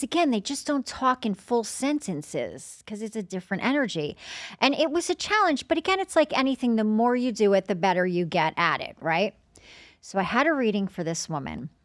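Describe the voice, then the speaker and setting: A woman working as a medium, chatting and telling stories in a podcast, animated and acting out her own inner dialogue. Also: medium pitch, dry recording, clean studio sound. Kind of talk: casual storytelling chat.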